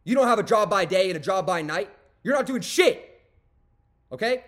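A man's voice: sits high, lively intonation, moderate pace, fairly bright tone. Fired-up profane young man ranting. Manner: profane, heated and sarcastic. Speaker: podcast host. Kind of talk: fired-up podcast rant.

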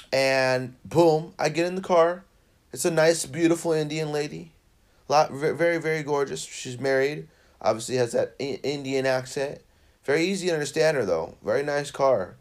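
A man's voice: medium pitch, darkish tone. A young man from Northern California's Central Valley, hosting a podcast and telling a rambling, profane story in casual chat. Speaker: podcast host.

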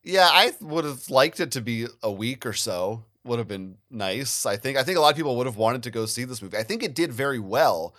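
A man's voice: mid-range voice, lively intonation, fairly quick, hardly any pauses, a bit bright, no room sound, studio quality. Rambling, joking male podcast co-host. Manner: joking, rambling, laughs often. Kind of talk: casual chat. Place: New Jersey.

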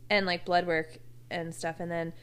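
A woman casually telling a personal story, animated and laughing, acting out what others said. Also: on the low side, moderate pace, smooth. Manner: animated, laughing, acts out quotes.

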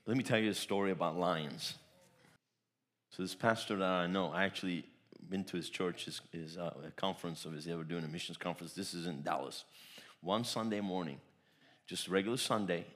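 A man with a fairly low voice delivers a sermon as pastor. He leans hard into bold declarations, then drops into quieter, confiding asides. He tells his stories in rolling, repetitive phrases. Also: brisk. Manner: emphatic, swings between loud declarations and soft asides; storytelling with repeated phrases.

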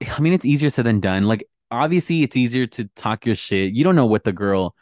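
A man's voice: mid-range voice, a little fast, no echo. Chatty man gossiping about reality TV. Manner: chatty, animated retelling with quoted voices. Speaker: podcast co-host. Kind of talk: casual reality TV gossip chat.

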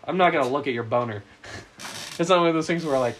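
A young man co-hosting a casual podcast, rambling and joking crudely, his voice a little rough from being sick. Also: fairly high pitch, fast talker, a bit bright, slight background noise. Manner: joking, rambling, laughs often. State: sick, husky voice. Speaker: podcast co-host.

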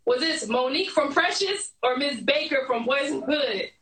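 High bright woman, echoey and off-mic. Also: lively intonation, normal speed, far from the mic. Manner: playful, laughing, profane. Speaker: host. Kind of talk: casual quiz chat.

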